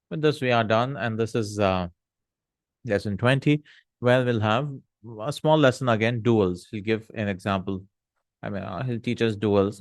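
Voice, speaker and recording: Low-voiced man teaching Arabic grammar. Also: clear, resonant tone, dry recording, studio quality. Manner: reads Arabic then translates line by line, thinking aloud with hums and uhs. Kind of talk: explaining a grammar lesson.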